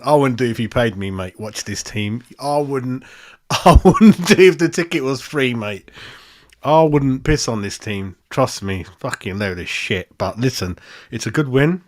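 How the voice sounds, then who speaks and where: A man hosting a casual live-stream football match review, blunt and laughing, swearing and calling everyone mate. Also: mid-range voice. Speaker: football fan channel host. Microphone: desk microphone.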